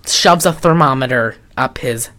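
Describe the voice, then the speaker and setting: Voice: medium pitch, moderate pace, a bit bright. A podcast co-host in a casual chat, retelling a film with lots of fillers and restarts. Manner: rambling, chatty, with many fillers and restarts.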